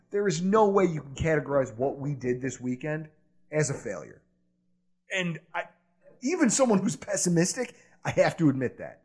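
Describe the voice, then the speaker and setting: Animated, husky-voiced sports podcast host. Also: male voice, a little high. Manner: animated, laughs a lot, swears freely. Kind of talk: loose, profane sports podcast chat.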